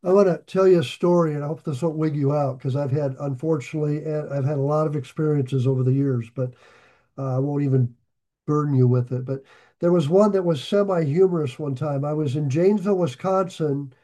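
A man leads a Bible study and tells a rambling anecdote, chuckling along the way. His voice sits fairly high yet sounds mellow and warm. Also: a little fast. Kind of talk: casual storytelling.

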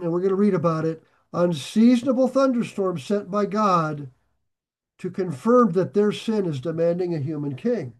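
A man preaching a sermon, talking to his listeners in an easy, conversational way and slowing down to press home key phrases. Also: high-pitched, darkish tone. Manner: emphatic, slows and rises to stress key phrases. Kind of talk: sermon on scripture.

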